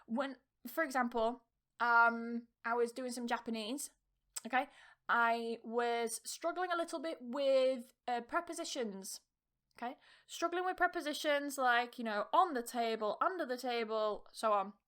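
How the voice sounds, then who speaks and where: A woman's voice: fairly high pitch, measured pace, a bit bright. A woman hosting an English-learning podcast, giving a casual motivational talk in a blunt, emphatic way, swearing now and then and checking in with her listeners. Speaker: English teacher and podcast host.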